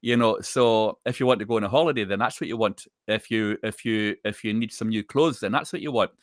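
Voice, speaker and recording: Fast-talking man explaining calmly. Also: on the low side, dry recording, clean studio sound. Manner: steady, explanatory, repeats phrases for emphasis. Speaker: co-host, intuitive reader. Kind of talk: explaining ideas in casual chat. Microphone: live online video call.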